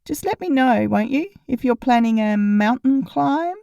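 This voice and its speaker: A woman narrator voicing a teasing young man who jokes in a dry, gently mocking way, drawing out his words. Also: high voice, very animated, slow pace, no echo, lo-fi sound, pitched above the performer's own voice, full character voice.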